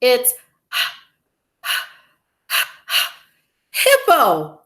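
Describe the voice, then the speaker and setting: A woman voicing a huge, rough male rhinoceros in a storybook reading, loud and boisterous. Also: on the low side, slow pace, heavily acted. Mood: laughing.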